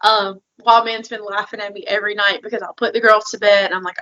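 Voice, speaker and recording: A woman's voice: mid-range voice, steady tone, a little fast, bright, forceful tone, muffled recording, slight background noise. A woman co-hosting a podcast, talking earnestly and openly about her feelings in casual chat. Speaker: podcast co-host.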